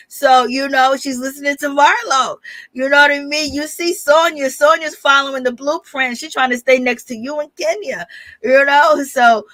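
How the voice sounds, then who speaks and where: Bright-voiced chatty gossip commentator woman. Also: high voice, no room sound. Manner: chatty, animated, laughs often, uses "baby". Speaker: reality TV commentator. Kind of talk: casual gossip recap.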